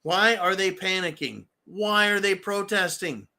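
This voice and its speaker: A man's voice: sits high, a little slow, pushed and bright. A middle-aged man hosting a show, delivering a combative, profane political rant. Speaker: host. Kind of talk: political commentary monologue.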